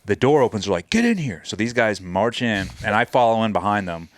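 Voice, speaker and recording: Low-voiced man telling profane war stories. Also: brisk, dry recording, clean studio sound. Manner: profane, acts out quoted dialogue from his own stories. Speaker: podcast guest, former Navy SEAL chief. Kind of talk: casual storytelling in conversation.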